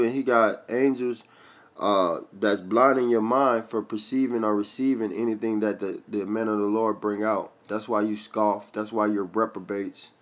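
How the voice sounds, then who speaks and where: A man preaching a fiery religious rant, profane and confrontational, swinging between loud outbursts and low muttering while he reads scripture.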